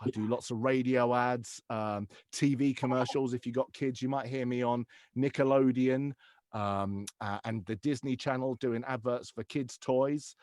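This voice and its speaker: A man, a comedian and voiceover artist, doing a stand-up set of impressions over a video call, switching fast between put-on voices and laughing at his own jokes. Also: mid-range voice, steady tone, darkish tone, no echo, studio quality.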